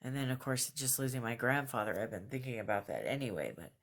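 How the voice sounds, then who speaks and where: A woman's voice: extremely low pitch, lively intonation, fast talker. Earnest woman vlogging at home. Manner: earnest, thoughtful, with frequent fillers and soft laughs. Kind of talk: casual video journal talk. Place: at home, just out of bed.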